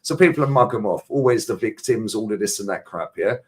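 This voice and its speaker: A man's voice: fairly low pitch, lively intonation, husky. A man with a London accent ranting about football as a panelist in a casual chat show, talking in long sweary tangents. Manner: ranting, sweary, fast-flowing.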